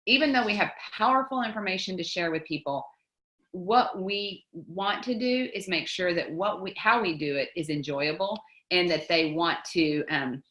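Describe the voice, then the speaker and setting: A woman's voice: lowish voice, pushed and bright. Chatty upbeat woman in an echoey room. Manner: chatty and upbeat, quotes often, laughs easily. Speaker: team leader teaching a book study. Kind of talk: casual group coaching talk.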